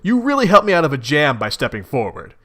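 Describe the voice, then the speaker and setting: A man's voice: on the high side, big pitch swings, fast talker, fairly bright tone. A man voicing a manipulative young female troll with a sly, teasing manner.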